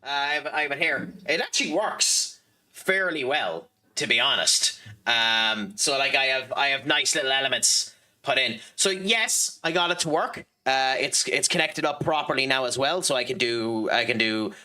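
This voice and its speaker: A man's voice: mid-range voice, normal speed, pushed and bright. An Irish man streaming a game, talking casually and rambling with lots of ums and restarts while he chats with his viewers. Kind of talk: casual gameplay commentary and chat reading.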